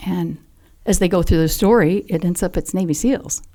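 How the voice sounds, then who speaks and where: Her voice is fairly low and mellow, moving at normal speed. An older woman whose SEAL son was killed, she tells a personal story on a podcast, earnest and heartfelt, sometimes dropping almost to a whisper.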